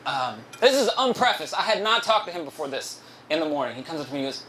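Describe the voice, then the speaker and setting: Young male comic, stand-up set, bright forceful tone, rambling and profane. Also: fairly high pitch, racing, slight background noise. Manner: rambling, profane storytelling, laughing at own jokes. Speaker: stand-up comedian. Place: live comedy show at a restaurant venue.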